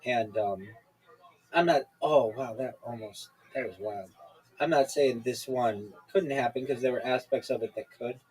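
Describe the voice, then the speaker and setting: On a video call, a male podcast host chats casually, rambling with lots of fillers and restarts. His voice is medium-pitched and a little mellow, at a normal speed, and the audio quality is poor.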